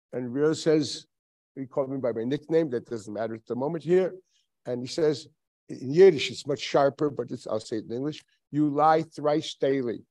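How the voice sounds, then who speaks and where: A man's voice: medium pitch, dark tone. A man in his seventies, a rabbi giving a sermon, telling stories with frequent chuckles and rhetorical questions. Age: 70s. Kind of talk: Tisha B'Av sermon.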